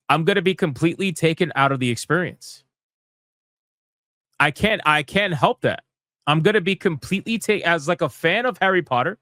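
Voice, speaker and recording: A man's voice: fairly high pitch, a bit bright, dry recording, clean studio sound. A young man hosting a live gaming commentary stream, ranting in a heated, profane, exasperated way.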